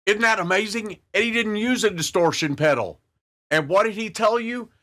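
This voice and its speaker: A man's voice: high-pitched, normal speed. A man, a guitar channel host talking casually to the camera in an earnest, folksy way and repeating his points. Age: 60s.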